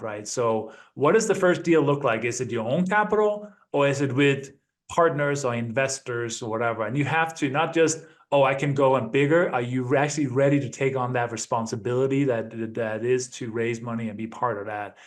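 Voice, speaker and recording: A male guest in a conversational interview with an ordinary mid-range voice. He speaks in a relaxed, reflective way, often checking in with a quick question after each point. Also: medium pitch. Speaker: guest, apartment investor.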